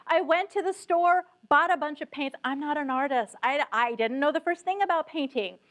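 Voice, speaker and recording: A middle-aged woman giving a conference keynote talk, telling stories with animated asides to the audience. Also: high voice, normal speed. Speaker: keynote speaker. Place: conference hall stage.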